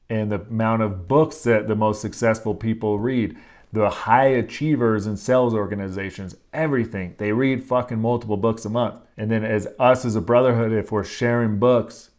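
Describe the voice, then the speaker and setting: A man with a somewhat low voice talks casually and bluntly, peppering his points with swearing and filler words. He pushes hard on key phrases, earnest and motivational like a host firing up his listeners. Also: darkish tone. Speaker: podcast host.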